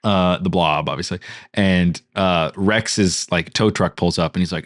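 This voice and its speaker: A man's voice: deep voice, measured pace, no echo, clean studio sound. A man co-hosting a podcast, improvising a story in casual chat, laughing and acting out characters' lines. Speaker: podcast co-host.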